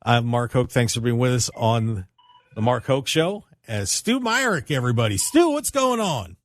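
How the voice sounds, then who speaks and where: A male radio host chatting on air in a studio, his pitch swinging up and down with energy. He sounds upbeat and animated, and the room around his microphone is dead and close. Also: moderate pace, no echo. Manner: upbeat, animated, hollers and laughs. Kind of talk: radio talk show chat.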